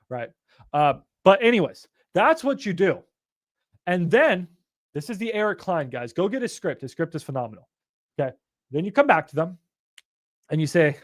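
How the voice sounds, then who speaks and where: A man coaching in a casual, animated and profane way, acting out phone calls with sellers. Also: high-pitched, moderate pace, pauses often, no echo, clean studio sound. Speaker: real estate investing coach.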